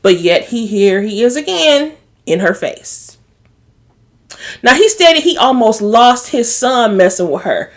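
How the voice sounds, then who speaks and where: A woman recaps a drama episode in a casual, gossipy way. Her voice sits a little high and leaps around animatedly, and she drops into the characters' quoted lines and laughs along the way. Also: big pitch swings, measured pace. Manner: gossipy, laughs while talking. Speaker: show recap host.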